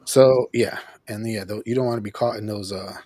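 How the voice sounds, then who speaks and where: Husky guy recapping an episode, animated, dry close sound. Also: fairly low pitch, a little fast, no echo. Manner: animated recapping, acts out characters' lines, laughs often. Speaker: host of a show reviewing an episode. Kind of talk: casual chat recapping an episode.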